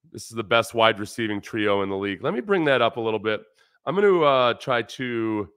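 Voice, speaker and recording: Animated man talking sports, bright and dry. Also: lowish voice, clean tone, no echo. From United States. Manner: animated, rambling, restarts often, reads chat aloud. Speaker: former NFL player turned sports commentator, livestream host. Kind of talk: casual sports talk livestream.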